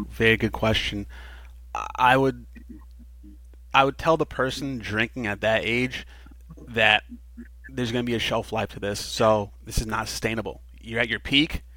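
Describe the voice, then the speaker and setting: A man's voice: on the low side, dry recording. Earnest man telling his story, dry sound. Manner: earnest, animated storytelling with laughs. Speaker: podcast guest. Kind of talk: casual interview talk.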